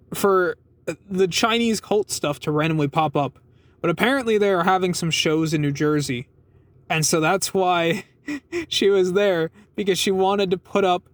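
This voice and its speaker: Young guy, higher-pitched voice, loose rambling storyteller, dry close mic. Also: dry recording. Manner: rambling, swears a lot, laughs while telling. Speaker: vlogger telling a work story. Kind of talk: casual storytelling.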